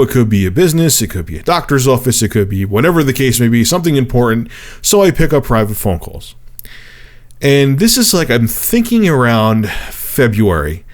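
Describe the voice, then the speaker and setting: A man in his thirties telling a personal story to camera as a vlogger, in a profane, animated way. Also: mid-range voice.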